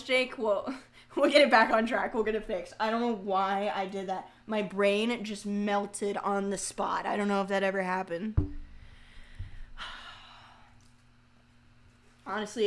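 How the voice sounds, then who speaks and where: A medium-pitched woman paints a pumpkin on a live stream, casually chatting to the people watching. She swears freely, jokes at her own expense and now and then bursts out loudly in frustration.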